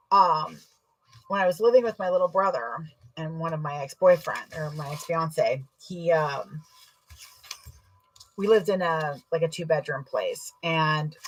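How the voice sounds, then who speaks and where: A young adult woman chatting casually while sewing, telling rambling, self-deprecating stories with a husky voice. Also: sits low, a bit bright, low-quality recording. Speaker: sewing vlogger.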